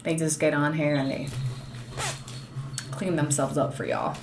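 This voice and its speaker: With music playing behind her, a law student in her thirties rants on an unscripted livestream, addressing her chat bluntly and profanely and slipping into Spanish at times. Her voice is deep, her intonation lively, her pace measured.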